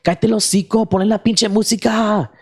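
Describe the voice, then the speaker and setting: A man putting on the voice of a rowdy drunk young woman heckling a comedian, loud and bossy. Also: mid-range voice, fairly even intonation, pitched above the performer's own voice, lightly acted. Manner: loud, bossy, rapid slangy Spanish.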